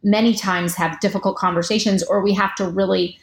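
A woman physician and public speaker, a guest in an interview, giving earnest, animated advice and acting out quoted lines. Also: mid-range voice, a little fast. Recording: roomy echo.

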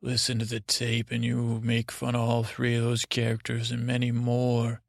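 A man's voice: mid-range voice, completely flat delivery, moderate pace, creaky, no echo, studio quality, natural voice. A man voicing a curt, scornful old man who schemes revenge within a bedtime story.

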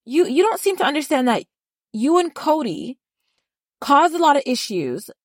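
A woman's voice: sits high, very animated, normal speed, no room sound. Fired-up woman ranting, close and dry. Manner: blunt, heated, swears freely. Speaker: podcast co-host. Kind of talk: casual reality-TV recap rant.

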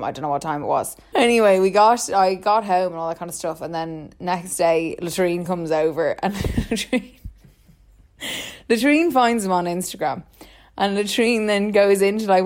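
A young woman spins a rambling party story with a chatty, giggly manner, stringing her sentences together with "like". Her voice sits a little low for a woman. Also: normal speed. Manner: chatty, full of "like", laughs often. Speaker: podcast co-host telling stories. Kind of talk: casual storytelling chat.

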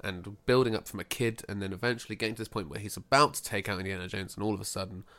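A man's voice: fairly low pitch, fairly even intonation, racing, pushed and bright. A man in casual chat, rambling through comic stories and laughing.

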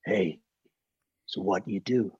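A laconic older American film star, gruff and few-worded, speaking in a low gravelly drawl, as a man does an impression of him mid-story. The sound is dull and dry, with no room around it. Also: moderate pace, darkish tone, no echo. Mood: curious.

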